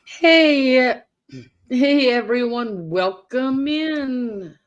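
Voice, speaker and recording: A woman's voice: high voice, drawn-out words, dull audio. A woman hosting a casual livestream, blunt and salty, greeting viewers by name. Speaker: livestream host.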